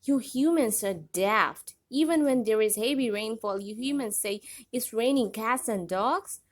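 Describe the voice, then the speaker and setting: A woman's voice: fairly high pitch, unhurried. A woman voicing a sarcastic male talking cat, speaking in a dismissive, condescending way. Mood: scornful.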